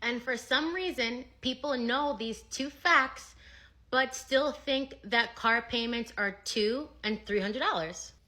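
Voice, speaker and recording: A woman's voice: on the high side, takes it slowly, bright, forceful tone. A woman who works in car sales, answering comments in an assertive, opinionated social media monologue. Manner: assertive, argumentative.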